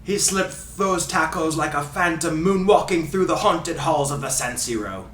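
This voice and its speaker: A man's voice: on the high side, lively intonation, normal speed, fairly bright tone, a little hiss or hum. A man doing a fake Scottish accent as a flowery, over-the-top soccer commentator, with theatrical delivery. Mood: gushing. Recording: echoey room, mic at a distance.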